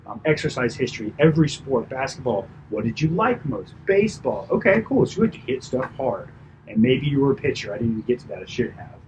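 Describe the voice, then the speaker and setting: A man working as a personal trainer, giving a chatty, animated debrief after a client session, full of fillers and asides. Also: medium pitch, quick pace, muffled recording, slight background noise. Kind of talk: casual coaching debrief.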